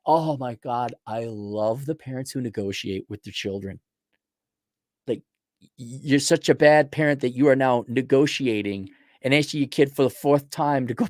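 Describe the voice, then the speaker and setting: A man's voice: mid-range voice, mellow, no echo, clean studio sound. A man hosting a show and ranting in a blunt, crude and combative way. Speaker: podcast host. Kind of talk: profane rant.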